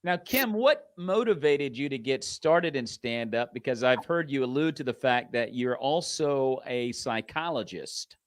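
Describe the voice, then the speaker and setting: A man's voice: mid-range voice, expressive, unhurried, hardly any pauses. A man hosting an interview, asking questions and chiming in with short agreements. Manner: brief affirmations, eager questions. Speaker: host. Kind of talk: casual interview.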